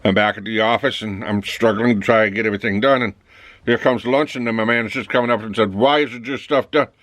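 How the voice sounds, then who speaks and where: A man's voice: lowish voice, steady tone, fast talker, fairly bright tone, no room sound. A man talking casually in a rambling monologue, acting out both sides of little office dialogues. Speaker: vlogger.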